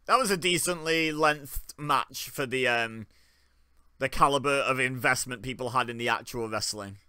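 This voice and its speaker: A man's voice: medium pitch, normal speed, bright, forceful tone, smooth, no room sound, clean studio sound. A young man giving wry, joking commentary while watching along, often laughing. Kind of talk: casual live commentary.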